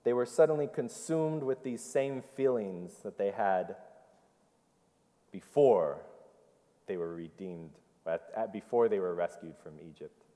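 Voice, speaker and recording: A man with a lowish, dark-toned voice preaches unhurriedly in a church sanctuary. His sermon is interactive: he repeats the congregation's answers and tells the story with animation. Long church hall reverb fills the recording.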